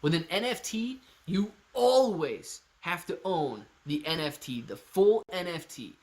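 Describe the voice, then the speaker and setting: A man hosting a live stream, answering viewer chat in a casual, energetic and hyped way, calling people man and dude. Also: high-pitched, a little slow. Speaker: livestream host answering chat.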